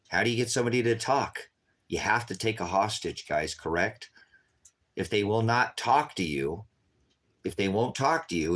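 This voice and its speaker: A weary man with a fairly low voice speaks to his viewers over a livestream. He talks urgently and keeps repeating himself, calling out "guys" again and again, and sounds worn out from a sleepless night. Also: fairly bright tone. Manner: urgent and repetitive, constantly addressing viewers as guys. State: tired, staying up all night. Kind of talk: unscripted livestream talk to viewers.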